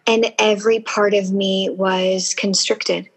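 Woman, podcast conversation, breathy, earnest, deliberate. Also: medium pitch, level tone, rough recording. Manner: earnest, emotional, slow and deliberate.

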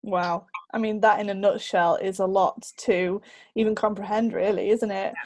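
A woman's voice: mid-range voice, fairly even intonation, moderate pace, darkish tone. A woman hosting a podcast, talking with a guest over a video call and laughing easily. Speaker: podcast host. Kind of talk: conversational interview.

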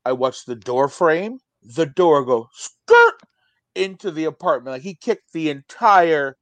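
On a podcast, a storyteller guest in his forties casually spins a profane, animated tale, acting out the people in it. He has a fairly high voice and speaks a little slowly, with no echo.

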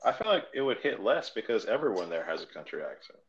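A man's voice: fairly low pitch, sing-song, fast, lo-fi sound. A man in casual chat as a podcast co-host, joking and swearing loosely. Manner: loose, profane, joking banter.

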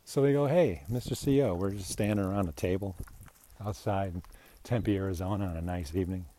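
A middle-aged American man with a deep, mellow voice casually tells a rambling, self-deprecating personal anecdote, talking a little fast and chuckling between lines. There's slight background noise.

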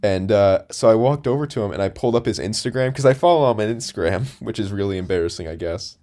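A young man in his twenties, chatting casually as a podcast co-host. His voice sits a little low, and he rambles through his story with plenty of fillers and restarts. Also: fast, dark tone. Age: 20s. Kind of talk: casual chat.

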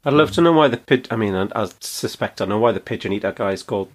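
A man's voice: fairly low pitch, animated, quick pace. A man on a podcast panel, reacting with amusement in casual banter.

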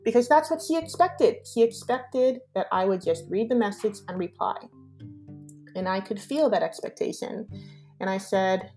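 Emphatic woman podcast host, unhurried. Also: medium pitch, a little mellow, soft background music. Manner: candid and emphatic, acts out dialogue with laughs. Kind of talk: casual solo monologue.

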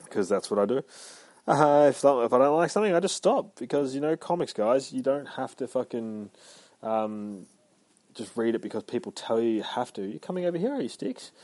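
Rambling foul-mouthed comic podcast host. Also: male voice, on the low side, a little mellow, dry recording. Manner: rambling, heavy swearing, ranty asides. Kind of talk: casual comic recap.

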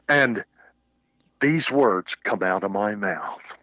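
A man's voice: fairly low pitch, takes it slowly, long pauses, dry recording. An older man, a Baptist minister, telling a personal story in casual conversation and acting out the quotes. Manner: animated anecdote with acted-out quotes. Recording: muffled, dull audio.

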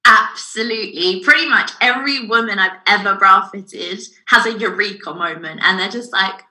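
A woman who works as a bra fitter, telling animated stories in a casual podcast chat. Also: medium pitch, normal speed, poor audio. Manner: animated storyteller who acts out customers' voices.

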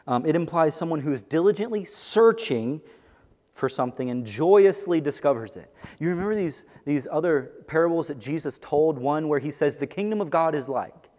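Brief: male pastor, slightly high voice, sermon with long hall reverb, earnest and building with energy. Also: normal speed. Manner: earnest, building to excited bursts. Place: church sanctuary. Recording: long echo of a large hall.

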